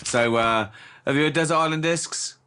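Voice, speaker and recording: A man in his forties teasing a co-host in casual chat, incredulous and quick to laugh. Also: a little high, bright, forceful tone, slight background noise.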